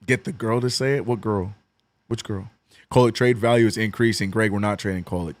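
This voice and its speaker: Hoarse New Orleans streamer, man, dry close mic, hyped game calls that fall to mumbled chat. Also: fast, no echo. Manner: swings from excited calls to low, mumbled chat with viewers. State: voice cracking. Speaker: streamer doing fan play-by-play. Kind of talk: watch-along play-by-play and chat.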